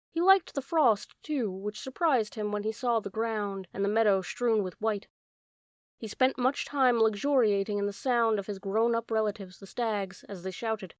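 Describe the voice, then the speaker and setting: Calm woman reading a storybook. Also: a little high, no echo, clean studio sound. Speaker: audiobook narrator. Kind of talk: storybook narration.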